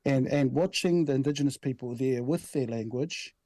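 A man's voice: medium pitch, normal speed, mellow, no echo. A man in his sixties with a New Zealand accent, the head of a language commission, telling stories in an easygoing interview. He often restarts his sentences and drops in "bro" and "right?". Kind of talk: relaxed conversational interview.

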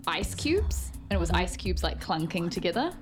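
A woman's voice: fairly low pitch, very animated, normal speed, music in the background. Wry woman chiming in on radio. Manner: brief wry remarks, laughs. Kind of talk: casual radio chat.

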